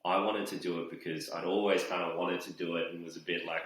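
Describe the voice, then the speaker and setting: A young man, a comedian, telling stories in a jokey, animated way. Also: low voice, fast talker. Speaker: guest comedian. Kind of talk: casual chat, storytelling. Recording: very echoey room.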